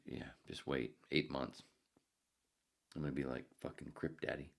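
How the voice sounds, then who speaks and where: A man's voice: a bass voice, steady tone, normal speed, creaky. A man hosting a podcast in a casual, profane, joking ramble, often dropping into muttered whispered asides, while in pain from a sore elbow. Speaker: podcast host.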